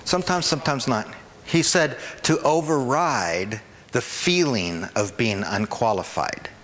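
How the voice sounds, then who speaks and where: A man's voice: mid-range voice, expressive, unhurried, fairly bright tone, big-room sound. A man preaching a sermon in an informal, conversational way, often checking in with the congregation. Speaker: pastor. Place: church hall.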